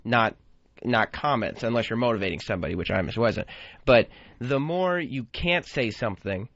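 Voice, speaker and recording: A man's voice: mid-range voice, animated, normal speed, fairly bright tone, no room sound. A man hosting a radio show, earnestly arguing his opinion. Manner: earnest, argumentative. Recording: dry, dull broadcast sound.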